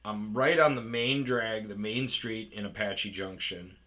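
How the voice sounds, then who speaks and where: Bright-voiced man telling a profane story. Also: on the low side, a little slow, muffled recording. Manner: profane, animated storytelling with yelled reenactments. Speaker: storyteller host. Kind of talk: casual ranting anecdote.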